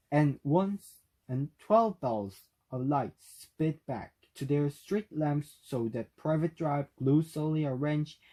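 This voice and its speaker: A man whose first language is Korean reading a novel aloud for speaking practice, at a careful, steady pace. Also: a little high, poor audio. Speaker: reader.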